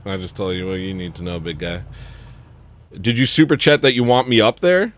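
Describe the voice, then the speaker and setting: A man's voice: lowish voice, fairly even intonation, brisk. A young man hosting a comedy livestream, rambling and joking as he reads the chat, laughing often. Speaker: livestream host.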